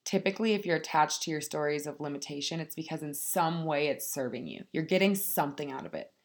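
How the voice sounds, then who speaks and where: Frank, profane woman with a lowish voice. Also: lively intonation, fast. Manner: frank, profane, addresses listeners as "you guys". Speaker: motivational speaker. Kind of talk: casual motivational talk.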